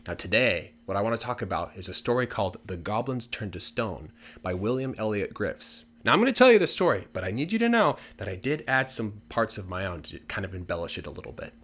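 Lively, chatty male storyteller. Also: on the low side, fairly quick. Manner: relaxed, chatty, many fillers. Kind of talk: casual storytelling for English learners.

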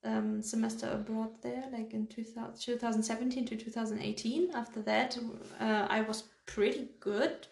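A woman's voice: fairly high pitch, steady tone, normal speed, vocal fry, few pauses, a little mellow, reverberant. A young woman from Germany with a German accent, chatting casually as a podcast co-host and laughing often. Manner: easy-going, laughs often, fillers like "like". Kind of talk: casual chat.

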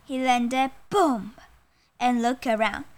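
A woman's voice: sits high, smooth. A young woman whose first language is Mandarin Chinese reads a children's picture book aloud carefully, stumbling and correcting herself now and then. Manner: slow, careful reading with stumbles and self-corrections. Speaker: storyteller.

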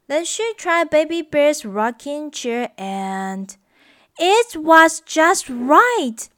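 A woman tells a children's story very slowly, her high voice rising and falling in a singsong way. The sound is close and dry, with no room echo. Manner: slow, expressive and singsong.

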